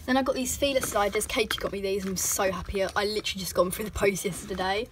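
A teenage girl giving a casual room tour, chatty and gushing, sometimes dropping to a soft near-whisper. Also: mid-range voice, fairly even intonation, fast talker, slight background noise. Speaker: vlogger. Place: bedroom at home.

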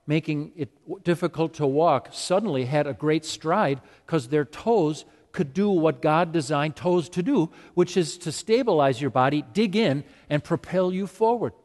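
A man's voice: fairly high pitch, darkish tone. A man preaching a sermon as pastor, emphatic and repetitive. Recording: long reverb of a large hall.

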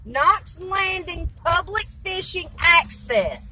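Woman, high voice, blunt vlogger who swears and fires off questions. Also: lively intonation, moderate pace, a bit bright, a little hiss or hum, rough recording. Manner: blunt, indignant, swears freely. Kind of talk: casual vlog.

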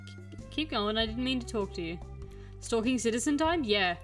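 A woman's voice: a little high, animated, normal speed, a bit bright, soft background music. A young woman chatting casually while streaming a game, telling an exasperated story. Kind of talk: casual gameplay chat.

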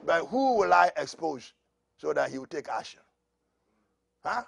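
A man preaching a prophetic sermon as pastor, dropping to a murmur and then rising to loud shouts, with laughs between lines. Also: on the high side, sing-song, normal speed, creaky, pauses often, dry recording.

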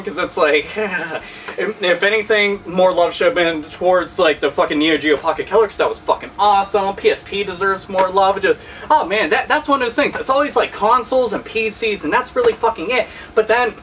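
A man's voice: high voice, fairly bright tone, recorded from a distance. A man hosting a gaming video, delivering a heated, sarcastic, profanity-laced rant. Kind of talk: angry rant vlog.

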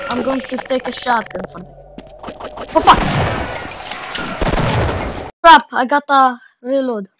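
A high-pitched woman talks through a shooter game as she plays. She swears and yells at enemies. Loud game noise runs under her voice. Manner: excitable, swearing, shouting at enemies. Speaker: gameplay streamer. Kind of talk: live gameplay commentary.

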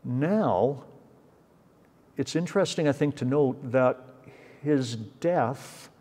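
A man's voice: medium pitch, takes it slowly, a little mellow, husky. A man leading a Bible study in a church, explaining scripture in an emphatic teaching manner and often checking in with "right?" and "okay?". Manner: explanatory, stressing words, frequent "right?" and "okay?". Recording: church hall reverb.

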